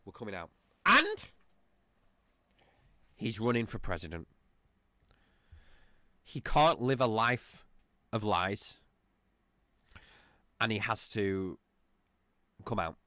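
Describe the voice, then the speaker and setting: A man rants through a podcast monologue in a bright, tense voice that swings widely up and down. His talk is profane, rambling and mocking, and the sound is close and dry. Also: on the low side, sing-song, very slow, pauses often, no echo. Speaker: podcast host.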